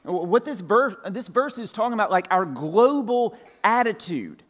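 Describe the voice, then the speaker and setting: A man with a slightly raised pitch preaches to his congregation in a church. His delivery is loose and conversational, full of casual fillers, and he circles back to restate each point. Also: expressive, unhurried, a bit bright. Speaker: pastor. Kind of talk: conversational sermon. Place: church sanctuary.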